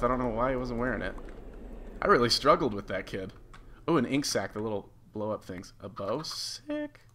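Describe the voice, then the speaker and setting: Bright, lively young-sounding gamer guy. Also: on the low side, slight background noise. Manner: excitable, laughs often, casual swearing. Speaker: YouTube gamer. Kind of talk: live gameplay commentary.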